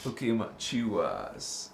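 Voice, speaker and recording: On his relaxed spiritual livestream, a man with a creaky, medium-pitched voice talks emphatically, laughing a lot and calling viewers honey and baby while reading their chat messages. The sound is roomy and echoey, with slight background noise.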